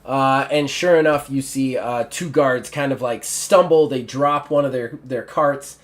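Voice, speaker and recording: A man's voice: medium pitch, a little slow. A man narrating a tabletop game as its game master. He rambles, fills gaps with "uh" and "like," and corrects himself mid-sentence, with a voice in the middle range for a man. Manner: rambling, filler-heavy, self-correcting.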